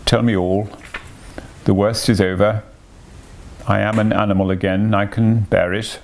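A man voicing a boastful, excitable male toad with a pompous manner in a read-aloud storybook. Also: medium pitch, moderate pace, creaky, slight background noise. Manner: pompous, then self-pitying.

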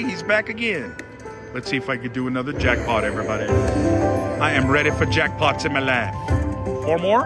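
Man, excited slot commentary, lively swooping voice, fairly high, pleading and dramatic, loud casino machine music behind. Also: moderate pace. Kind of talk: excited live commentary while playing slots.

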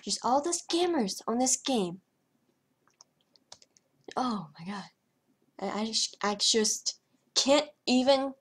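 A woman's voice: high voice, animated, a little slow, breathy edge. Hyper, rambling young woman gamer. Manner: hyper and rambling, trailing off and stuttering. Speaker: gaming vlogger. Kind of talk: casual commentary over gameplay.

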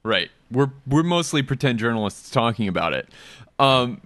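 A man's voice: mid-range voice, very animated, fairly bright tone, no echo. A man hosting a podcast panel in casual chat, joking and filling his talk with "um" and "you know". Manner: joking, fast, full of fillers. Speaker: podcast host.

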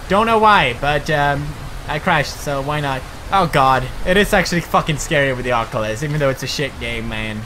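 A man's voice: a little high, a little fast, sharp tone, a little hiss or hum. A man commenting on a horror game as he plays, nervous and joking, swearing as he goes. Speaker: gaming commentator. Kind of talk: let's play commentary.

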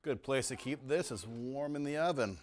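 A man's voice: mid-range voice, moderate pace, a little hiss or hum. Home cook host, middle-aged man, enthusiastic and chatty in his kitchen, savoring the food aloud. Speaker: home cooking show host. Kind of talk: casual cooking demonstration.

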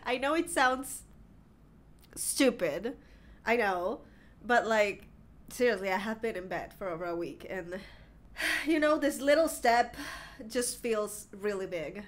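A woman's voice: mid-range voice, takes it slowly, pauses often. A woman with a congested, nasal voice from being sick, hosting a reaction video in rambling casual chat full of fillers and swearing. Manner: chatty, rambling with fillers and swearing, gushing excitedly while reacting. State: congested and recovering from illness, coughing.

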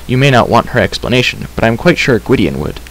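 A man's voice: mid-range voice, very animated, quick pace, a bit bright, low-quality recording. A man voicing a chatty wandering bard who talks in a flowery, apologetic way, in a storybook reading. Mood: earnest. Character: chatty wandering male bard, flustered and wordy.

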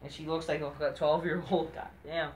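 A woman's voice: low-pitched, level tone, normal speed, a little mellow, roomy sound, a little hiss or hum. A woman giving a profane, sarcastic rant reviewing a wrestling show, mocking and swearing constantly.

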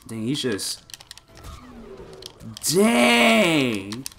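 Excitable man commenting on a fighting game. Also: on the high side, extremely slow, slight background noise. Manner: excitable, loose, frequent exclamations and filler words. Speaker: gameplay commentator. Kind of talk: casual gameplay commentary.

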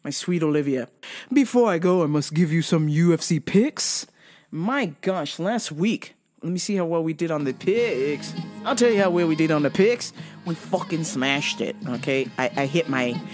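A middle-aged woman hosting a podcast in loose, profane chat, swearing freely and often breaking into song. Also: low voice. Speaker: podcast host. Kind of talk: casual profane chat with bursts of singing.

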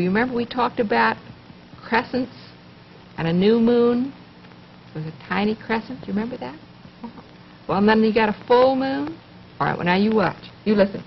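A woman hosting a children's television show, speaking gently to young viewers, asking questions and pausing for answers, and reading poems aloud. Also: medium pitch, expressive, creaky, slight background noise. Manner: gentle, coaxing, asks questions and pauses for answers. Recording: dull lo-fi 1950s television recording.

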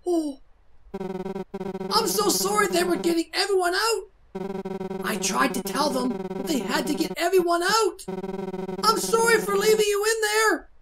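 Woman playing a weepy sorry dad in a game, high voice, music loud behind. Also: big pitch swings, measured pace, pauses often, exaggerated voice, rough recording. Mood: relieved, tearful. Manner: emotional, apologetic. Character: worried tearful father, middle-aged man.

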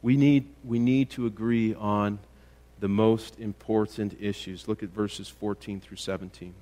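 A man's voice: lowish voice, steady tone, measured pace, mellow. Man preaching an emphatic sermon. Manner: rises to emphatic rhetorical questions, with fillers and restarts. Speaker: pastor. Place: church.

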